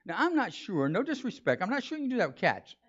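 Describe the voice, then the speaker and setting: Animated high-voiced male preacher. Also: quick pace, dull audio. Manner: animated, joking, conversational preaching. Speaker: pastor. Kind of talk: sermon.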